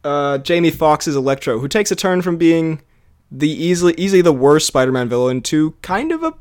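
A young man reviews a film with a friend, his voice a little higher than most men's. He talks in loose, rambling runs and keeps restarting his sentences. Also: big pitch swings, fairly quick, darkish tone. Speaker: podcast co-host. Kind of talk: casual film review chat.

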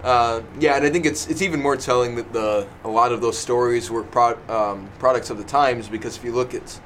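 A man hosting a casual podcast discussion, speaking in a halting way and filling his pauses with ums and small laughs. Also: mid-range voice, fairly even intonation, a bit bright, slight background noise. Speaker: podcast host. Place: small indoor room with a noisy fan.

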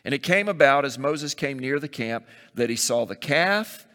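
A man's voice: mid-range voice, animated, normal speed, pushed and bright, in a large hall. A man preaching a sermon, reading scripture aloud and breaking off to comment with asides and jokes. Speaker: pastor.

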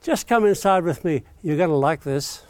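A man's voice: fairly high pitch, lively intonation, moderate pace. A man presenting to children with a friendly, inviting welcome.

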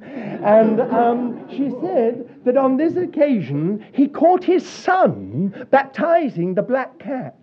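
A man preaching with a high voice that leaps up and down in pitch. He tells his stories with a chuckle and plenty of animation. The recording is dull and lo-fi. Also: big pitch swings, measured pace. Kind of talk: sermon. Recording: dull lo-fi sound.

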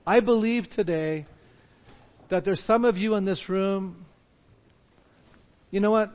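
A man's voice: high voice, slow pace. A man preaching a passionate sermon to his church and leading an altar call, pushing up to emphatic peaks. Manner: impassioned, rising to emphatic peaks. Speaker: pastor. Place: church sanctuary. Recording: dull reverberant hall recording.

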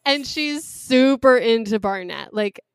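A young woman in casual conversation, talking in a smooth, resonant voice with a lively, chatty flow. The sound is close and dry, with no room around her. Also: on the high side, no room sound. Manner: chatty and animated, quick laughs and acted-out quotes. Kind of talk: casual chat recapping a reality show.

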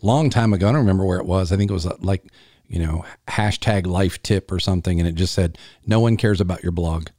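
A man's voice: low voice, quick pace, a little mellow, no echo, clean studio sound. A man hosting an interview podcast, talking in an easygoing, conversational way. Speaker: podcast host. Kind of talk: casual interview.

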